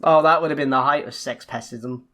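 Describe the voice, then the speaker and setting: A woman's voice: rumbling low, steady tone, a little fast, a bit bright. A young woman co-hosting a casual podcast chat, ranting in exasperation and swearing often. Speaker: podcast co-host.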